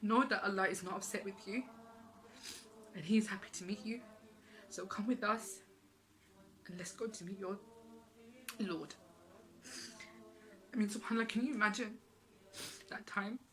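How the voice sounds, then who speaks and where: A woman's voice: medium pitch, normal speed, long pauses, a bit bright, poor audio. A woman giving an earnest, emotional religious talk, repeating phrases for emphasis. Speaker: Islamic speaker.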